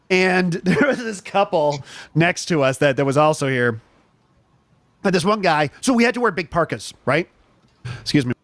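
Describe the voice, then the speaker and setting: A man's voice: a little high, a little slow, long pauses, no echo. A man hosting a chat show, telling a story casually with lots of restarts. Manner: animated storyteller, restarts often.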